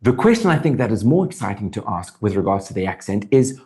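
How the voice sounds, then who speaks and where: A man's voice: fairly low pitch, fast. A man from South Africa with a South African accent, a guest talking earnestly in an interview and restarting his thoughts as he goes. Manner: animated, earnest, thinks aloud with restarts. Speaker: actor guest. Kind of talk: interview conversation.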